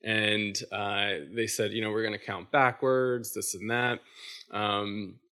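A man in his thirties, a podcast guest telling a personal story casually, halting with many fillers and restarts. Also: on the low side, flat delivery, pushed and bright.

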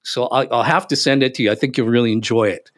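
A man speaking as a podcast guest, telling stories with emphatic, animated delivery. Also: medium pitch, fast. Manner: animated, emphatic, acts out quotes. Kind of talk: casual interview storytelling.

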